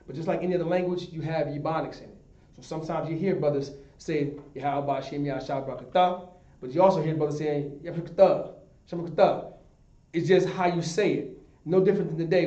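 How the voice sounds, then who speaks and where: A man teaches a class in a warm, slightly high voice, repeating himself and frequently checking in with "you understand?" The recording is dull and lo-fi, made in an echoey room far from the mic.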